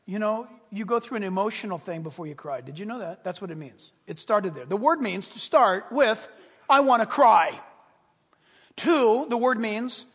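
A man preaching a sermon as pastor, dramatic and animated, swinging between loud bursts and hushed, intimate tones. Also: high voice, moderate pace, few pauses, slightly rough. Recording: long reverb of a large hall.

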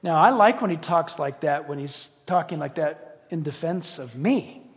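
A man pastor preaching a sermon with emphasis, swinging between loud passages and hushed ones. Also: fairly high pitch, lively intonation, normal speed. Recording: long hall reverb.

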